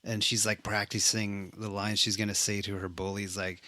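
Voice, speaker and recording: A man's voice: on the low side, little pitch movement, normal speed, sharp tone, no room sound. A man casually recapping a film, laid-back and swearing freely. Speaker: movie reviewer. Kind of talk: casual chat.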